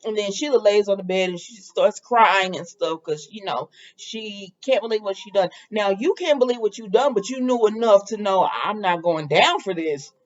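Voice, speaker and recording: A woman hosting a casual soap opera recap, chatty and animated, with laughing asides. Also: medium pitch, normal speed, few pauses, dull audio.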